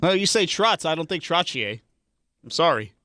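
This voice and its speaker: A man's voice: on the high side, very animated, normal speed, sharp tone, no echo, studio quality. A man chatting on a sports radio show in a bemused, easygoing way. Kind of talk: casual sports radio banter.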